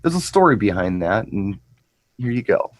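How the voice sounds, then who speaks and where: A man's voice: lowish voice, sing-song, moderate pace, slight background noise, rough recording. A middle-aged man and co-host, chatting casually and telling a rambling anecdote, often repeating words as he restarts. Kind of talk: casual chat, storytelling.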